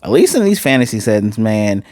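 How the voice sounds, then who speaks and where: A man giving a casual, animated recap as an anime reviewer, acting out quotes and using fillers. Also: lowish voice, a little fast, dry recording, clean studio sound. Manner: animated, acts out quotes, uses "y'all" and fillers.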